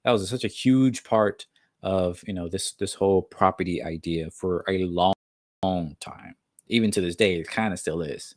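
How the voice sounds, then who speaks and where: A man's voice: deep voice, normal speed, darkish tone, no room sound, studio quality. A man reading a book aloud on his podcast, who often breaks off to riff casually with fillers and tag questions, and who stumbles and restarts on hard words.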